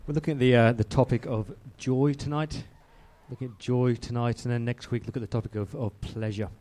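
A man's voice: mid-range voice, steady tone, fairly quick, darkish tone. A man preaching a sermon in a church, who speaks conversationally and often repeats and restarts his words. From outside Australia.

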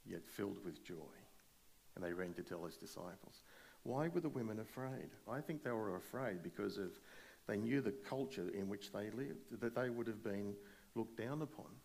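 A male pastor preaching a sermon, retelling a scripture story with animated, speculative asides. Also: fairly low pitch, creaky, slightly rough.

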